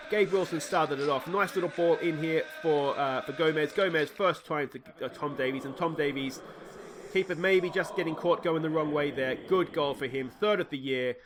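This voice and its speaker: A young Australian man commentating his own football management game, swinging from loud shouts at near misses to quiet musing. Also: a little high, normal speed, noisy background. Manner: bursts into shouts at near misses, then drops to musing mutters. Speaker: gaming let's play host.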